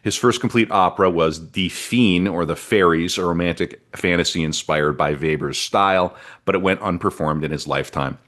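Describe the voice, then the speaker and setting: A man with a deep, low-pitched voice talks through a history podcast in a casual way. He rambles, reads bits from his notes and drifts into side comments. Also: moderate pace, few pauses, fairly bright tone. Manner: chatty and rambling, reads from notes, breaks off into asides. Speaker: podcast co-host presenting the history.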